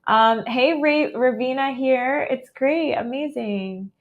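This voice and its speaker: A woman's voice: sits high, slow, narrow, tinny audio. A woman with an American accent giving a chatty, upbeat live tarot reading, full of "um" and "like". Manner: chatty and upbeat, heavy with fillers like "um" and "like". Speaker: tarot reader.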